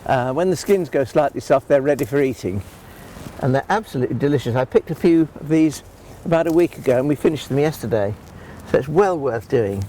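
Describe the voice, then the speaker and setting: A man's voice: mid-range voice, expressive, brisk, warm tone, slight background noise. A man presenting a gardening show outdoors, talking in a chatty, homely way as he demonstrates fruit picking. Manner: chatty, homely, rambling with restarts. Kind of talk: friendly practical demonstration.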